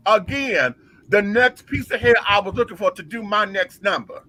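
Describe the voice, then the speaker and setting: Loud sassy guy spilling backstage drama, bright tense voice, cussing a lot. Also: high voice, measured pace, poor audio. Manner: brash, profane, dramatic storyteller. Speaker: drag performer telling a story. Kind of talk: casual storytelling chat.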